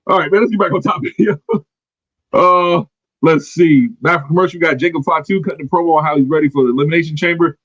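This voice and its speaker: A man hosting a wrestling podcast in casual chat, animated and laughing often. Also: a little high, fast talker, no echo, dull audio. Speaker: podcast host.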